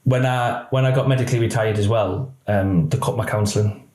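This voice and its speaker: A former police officer, speaking candidly in an interview, his story halting and emotional with many restarts. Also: lowish voice, darkish tone. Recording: roomy echo.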